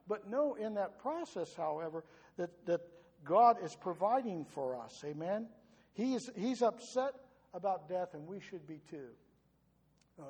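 Earnest high-voiced man preaching in a hall. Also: darkish tone, slightly rough. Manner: earnest, repeats words when building a point. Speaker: pastor. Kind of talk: sermon.

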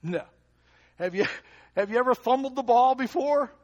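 A man preaching a lively sermon, who keeps asking the congregation questions and chuckles between points. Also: extremely high pitch, normal speed. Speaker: pastor.

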